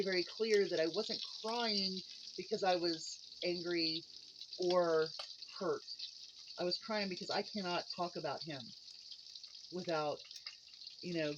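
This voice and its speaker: An earnest, rambling vlogger talks casually from a home kitchen while cooking, with a middling pitch. The audio is dull, and a running tap and kitchen noise sit clearly behind the voice.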